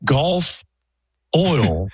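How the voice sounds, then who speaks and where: A man's voice: on the high side, sing-song, a little mellow, husky, no echo, clean studio sound. A man co-hosting a talk show who laughs easily and pushes in with questions. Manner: laughing, quick to ask questions. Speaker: podcast co-host. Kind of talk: casual chat.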